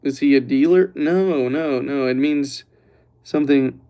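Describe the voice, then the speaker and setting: A young man hosting a casual livestream, talking to his chat in a loose, joking voice that sits at an ordinary middle pitch. He teases the viewers as he reads their comments and sounds relaxed and a little tipsy from red wine. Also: a little slow. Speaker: livestream host.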